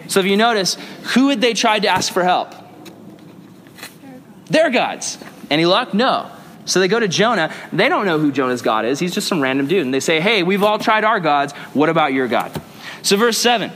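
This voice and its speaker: A young adult man, a youth pastor, reading scripture aloud and teaching a group in an energetic, joking, slangy way. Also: high voice, normal speed, a little hiss or hum. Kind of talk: casual Bible teaching to a group. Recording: long echo of a large hall.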